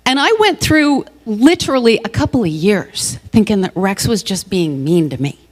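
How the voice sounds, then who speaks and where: A woman giving a sermon at a church service, telling personal stories with animated, laughing, self-mocking humor. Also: mid-range voice, normal speed. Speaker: guest speaker at a church service. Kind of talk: storytelling sermon. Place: large hall. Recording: long reverb of a large hall.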